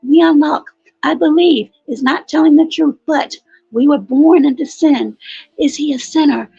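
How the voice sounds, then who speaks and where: A woman's voice: sits high, normal speed, gravelly, dark tone, dry recording, muffled recording. A woman putting on a preacher voice for a mock sermon, with a sing-song preaching cadence. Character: woman preacher, fervent, rousing a congregation.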